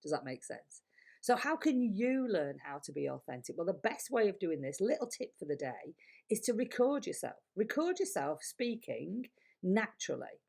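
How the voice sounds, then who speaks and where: A woman's voice: mid-range voice, sing-song, moderate pace, gravelly, a little mellow. A woman with a Yorkshire accent, a public speaking coach giving candid, chatty advice straight to camera. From Yorkshire, England. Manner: candid and chatty, with blunt asides. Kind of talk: casual to-camera advice talk.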